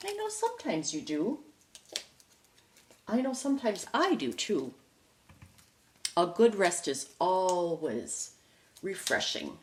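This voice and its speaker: A woman teacher reading a storybook aloud to young children, slow and playful with lots of expression. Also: fairly low pitch, very animated, a little hiss or hum. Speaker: preschool teacher.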